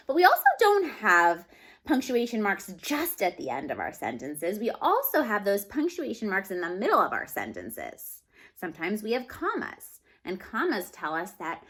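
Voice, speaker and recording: A woman's voice: mid-range voice, fairly bright tone, slightly rough. A woman teacher giving a reading lesson to children, talking expressively and often checking in with "okay?".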